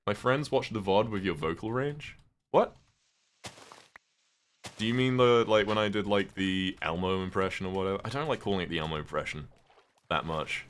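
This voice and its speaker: A man's voice: sits low, normal speed, pauses often. A man from the UK, streaming a game and chatting casually with viewers, swearing now and then as he answers their questions. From United Kingdom. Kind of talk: casual live-stream chat while gaming.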